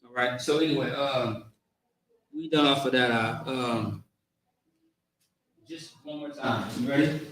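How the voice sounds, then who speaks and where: A man teaching a religious class, coaching pronunciation with patient repetition and drawn-out sounds. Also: medium pitch, a bit bright. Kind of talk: pronunciation lesson. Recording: very echoey room, mic far off.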